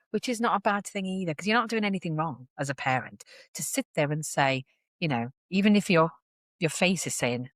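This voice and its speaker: A mid-range female voice belongs to a podcast guest in her forties, talking casually and with energy while voicing other people's lines. The audio is studio quality with no echo.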